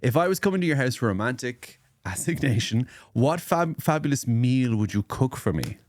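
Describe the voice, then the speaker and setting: A man's voice: mid-range voice, animated, normal speed, darkish tone, no echo, clean studio sound. A man hosting a casual comedy chat show, playful and jokey, slipping into silly voices. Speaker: host.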